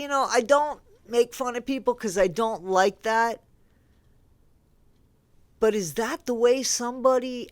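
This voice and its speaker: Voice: medium pitch, dry recording. A YouTube host in a casual commentary vlog, rambling and incredulous, talking straight to viewers with frequent restarts. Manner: rambling, conversational, restarts often.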